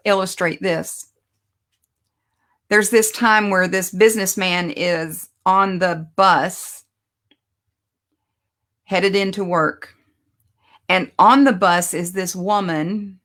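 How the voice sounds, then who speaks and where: A woman giving a conversational sermon, telling stories and slowing down to stress her points. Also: mid-range voice, fairly bright tone. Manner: conversational, storytelling, self-deprecating asides. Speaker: speaker teaching a Bible lesson.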